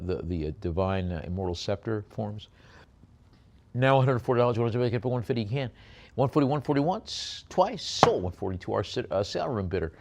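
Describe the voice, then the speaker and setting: A man running a live auction, rattling off bids quickly and breaking into chatty, filler-heavy descriptions of each lot. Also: fairly low pitch, darkish tone. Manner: rapid bid calling mixed with chatty asides and many fillers.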